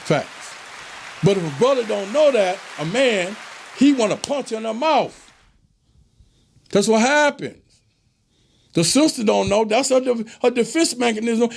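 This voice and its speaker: Gravelly high-voiced man preaching. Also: animated, measured pace, pauses often. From American South. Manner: preachy, emphatic, acts out quoted voices. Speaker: show host. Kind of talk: casual monologue.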